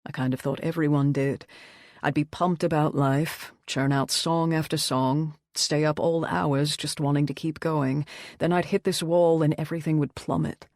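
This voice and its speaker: A woman voicing a troubled male rockstar who speaks softly in a subdued, confessional tone, in an audiobook. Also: fairly even intonation, measured pace, creaky, no room sound, clean studio sound, exaggerated voice. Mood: reflective. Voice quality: soft, low and subdued. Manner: quiet, confessional. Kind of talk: audiobook character voice.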